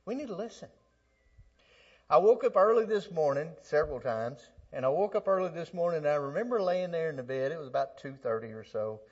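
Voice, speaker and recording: A man's voice: a little high, animated, quick pace, few pauses, slightly rough. A man preaching a sermon in a conversational way, stumbling and restarting, then building to emphatic peaks. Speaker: pastor. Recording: slightly dull lo-fi sound.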